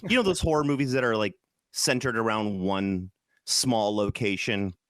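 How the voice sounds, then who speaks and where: A man's voice: fairly low pitch, moderate pace, a bit bright, dry recording, clean studio sound. A man from Chicago co-hosting a podcast, chatting casually in a rambling, enthusiastic way, often trailing off and restarting. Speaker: podcast co-host. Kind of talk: casual chat.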